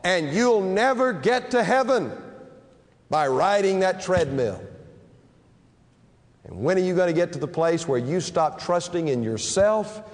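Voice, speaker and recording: A man preaching a sermon with dramatic delivery, stretching key phrases slowly for emphasis. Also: sits high. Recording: long reverb of a large hall.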